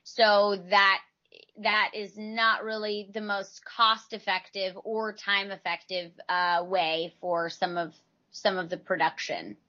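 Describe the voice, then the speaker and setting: Bright-voiced woman, chatty voice actress. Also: mid-range voice, level tone, slow pace, muffled recording. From Texas. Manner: chatty, rambling explanations with restarts. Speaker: voice actress, guest. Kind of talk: casual interview answers.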